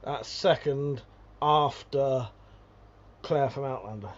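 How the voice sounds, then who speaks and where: A man's voice: medium pitch, slow pace, lo-fi sound. A British man hosting a casual livestream, reading viewer comments aloud and ranting with lots of swearing and laughter. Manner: profane, ranting, laughs often.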